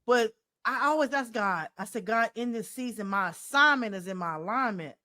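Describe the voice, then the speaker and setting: A Southern woman hosts a casual podcast, exclaiming and praising her guest with churchy phrases. Her high, bright voice swoops widely in pitch. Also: lively intonation, moderate pace. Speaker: podcast host and coach.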